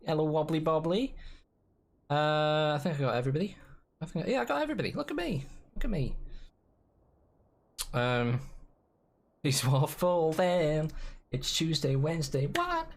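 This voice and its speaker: Male streamer, playful rambler, very lively pitch. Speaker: game streamer. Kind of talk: casual live-stream chat.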